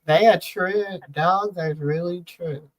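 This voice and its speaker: A woman's voice: fairly low pitch, slow pace, rough recording. Middle-aged woman host, casual storyteller, rambling and filler-heavy. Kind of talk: casual chat.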